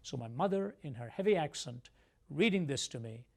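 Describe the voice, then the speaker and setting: A man from India, a guest on a TV interview show, telling his life story in a measured, earnest way. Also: on the high side, animated.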